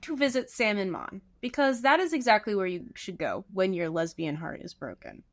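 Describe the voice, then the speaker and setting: Expressive woman podcast co-host. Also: medium pitch, moderate pace. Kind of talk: casual recap chat.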